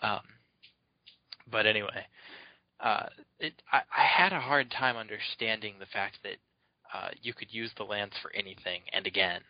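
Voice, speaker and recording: A man with a lowish voice chats casually on a podcast, rambling through an anecdote with frequent "like"s and chuckles. The recording is dry and slightly muffled, lo-fi in quality. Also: normal speed, no room sound. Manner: rambling, many "like" fillers, laughs often. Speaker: podcast co-host. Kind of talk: casual chat, telling anecdotes.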